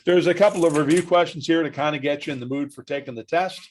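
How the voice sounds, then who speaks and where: A man's voice: a little high, fast, a little hiss or hum. Chatty male trainer guiding a class. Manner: chatty, asks the class questions, walks through steps aloud. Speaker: software trainer. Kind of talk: live online training session.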